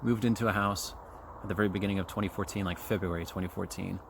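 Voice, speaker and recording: A man's voice: sits low, steady tone, fast talker, vocal fry. A man in his forties from Kansas City, hosting a podcast solo, chewing gum and talking casually with lots of fillers and swearing while out on a trail. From Kansas City, USA. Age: 40s. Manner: rambling, profane, with many fillers and asides. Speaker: podcast host. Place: outdoors on a trail. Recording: faint outdoor background noise.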